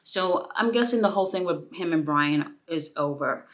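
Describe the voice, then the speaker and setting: A young woman giving a casual, excitable solo review of a wrestling show, chatty and full of asides. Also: lowish voice, moderate pace.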